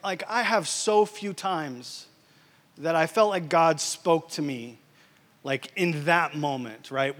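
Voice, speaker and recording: High-voiced man preaching in a hall. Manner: animated storytelling, swinging between loud and hushed. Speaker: guest preacher. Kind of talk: sermon. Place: church. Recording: church hall reverb.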